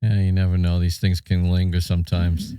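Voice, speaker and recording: Deep-voiced man giving short replies. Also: completely flat delivery, a little fast, mellow, clear, resonant tone, no echo, clean studio sound. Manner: brief agreeing replies, light laughs. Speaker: podcast co-host. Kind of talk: casual chat.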